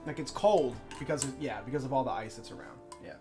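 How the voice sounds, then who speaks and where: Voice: medium pitch, fast, over music. A game master casually narrating a tabletop game, full of fillers.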